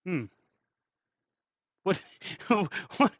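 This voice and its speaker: A man's voice: a little high, takes it slowly, no room sound. Wry, joking man on a podcast. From Virginia. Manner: wry, joking, mock-offended. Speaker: podcast co-host. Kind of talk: casual wrestling news chat. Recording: dull lo-fi dry audio.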